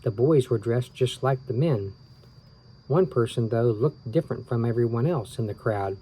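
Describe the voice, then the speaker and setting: A man reading a children's book aloud, relaxed and tired, stopping for small asides and rereading his slips. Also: mid-range voice, normal speed, husky, poor audio. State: tired, yawning. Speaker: reader of children's books.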